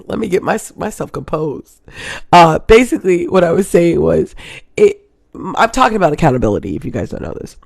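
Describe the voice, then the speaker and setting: Thirties woman from hawaii chatting away on her stream, lots of vocal fry, dry close sound. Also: fairly low pitch, big pitch swings, brisk, a little mellow, no echo. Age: 30s. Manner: rambling, chatty, keeps addressing viewers. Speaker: live-stream host. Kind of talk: casual live-stream chat.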